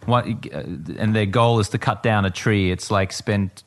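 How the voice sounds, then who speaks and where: A man co-hosting a podcast in casual chat, speaking in a reflective, measured way. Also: fairly low pitch, steady tone.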